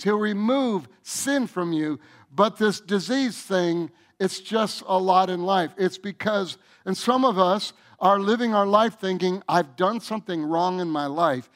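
A man preaching to his church in a high-pitched voice. He takes his time, drawing the words out and pressing each point home as he speaks straight to his listeners. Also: fairly bright tone. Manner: emphatic, addresses the congregation directly. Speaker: pastor. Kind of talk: sermon.

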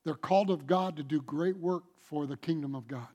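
A man preaching a sermon as pastor, emphatic, swinging between loud declarations and quiet asides. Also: on the high side, moderate pace.

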